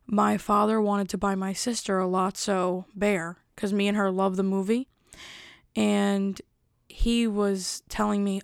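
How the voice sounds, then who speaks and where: A woman's voice: mid-range voice, little pitch movement, unhurried, vocal fry, clear, resonant tone, no room sound, studio quality. A young woman vlogger chatting casually and rambling, often interrupting herself. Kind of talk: casual rambling chat to camera.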